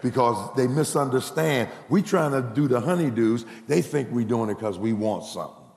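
A man's voice: normal speed, creaky. A male preacher delivering a humorous, folksy sermon, telling stories and acting out the people in them. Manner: folksy, animated, jumps into high voices for quoted characters. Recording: echoey hall.

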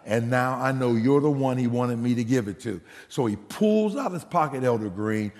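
A male pastor telling a story in a sermon, acting out the voices in the dialogue with big swings in pitch. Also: gravelly, big-room sound.

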